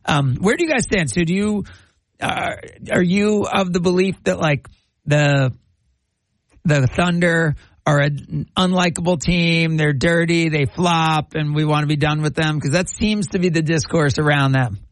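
A man's voice: on the high side, a little slow, dry recording. Chatty male sports podcast host. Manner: chatty, updates on live scores. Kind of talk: casual sports talk and commentary.

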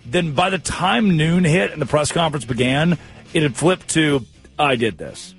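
A man hosting a sports talk show, telling stories in animated, jokey, rambling banter. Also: on the high side, moderate pace, soft background music. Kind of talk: casual comedic radio banter.

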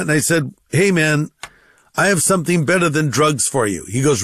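A man who is a pastor, telling a lively first-person anecdote and acting out both sides of the dialogue. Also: a little high, moderate pace, slightly rough, no echo, studio quality. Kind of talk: anecdote told on radio.

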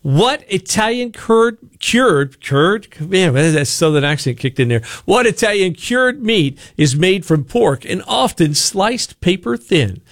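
A man's voice: high voice, big pitch swings, a little slow, hardly any pauses, no echo, studio quality. A man hosting a local talk radio show, chatting casually and joking at himself on air. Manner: chatty, self-joking, loose. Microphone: studio microphone.

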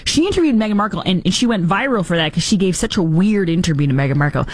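A woman's voice: expressive, fast talker, dry recording. A woman hosting a talk show, giving mocking, sarcastic political commentary with theatrical asides. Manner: mocking, theatrical, does squeaky impressions.

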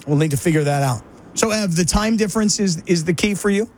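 A man's voice: sits high, brisk, a little mellow, a little hiss or hum. A man co-hosting a sports radio show, playful and easygoing. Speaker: radio host. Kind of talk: casual sports talk radio.

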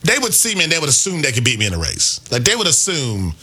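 A man from Milwaukee co-hosting a loose sports talk podcast. His voice is bright and a bit higher than most men's. He rambles through ideas with animated enthusiasm. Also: quick pace, breathy edge. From Milwaukee, US Midwest. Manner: animated, rambling, laughs easily. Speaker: podcast co-host. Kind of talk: casual sports talk chat.

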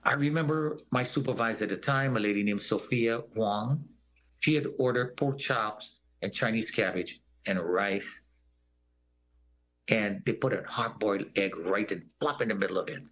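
A man's voice: lowish voice, moderate pace, a bit bright. A man telling a personal story in an interview, acting out the voices of the people in it. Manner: vivid storyteller who acts out the quoted voices of others.

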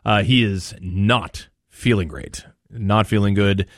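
Guy hosting morning radio, low voice, dry studio sound, chatty and rambling about politics. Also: slow, no room sound. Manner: chatty, thinks aloud with fillers and asides. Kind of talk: conversational political commentary.

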